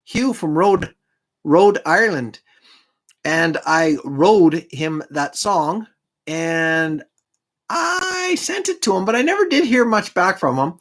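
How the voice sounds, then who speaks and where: A man hosts a live stream in a loose, rambling chat, cracking jokes and putting himself down. His voice sits a little higher than average. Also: big pitch swings, takes it slowly, fairly bright tone. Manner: rambling, joking, self-deprecating.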